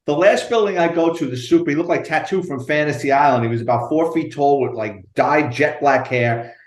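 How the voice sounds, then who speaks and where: A retired police detective, telling profane, animated stories in an interview. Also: male voice, fairly high pitch, fairly quick, roomy sound. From United States. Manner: animated, profane storyteller acting out dialogue. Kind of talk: storytelling interview.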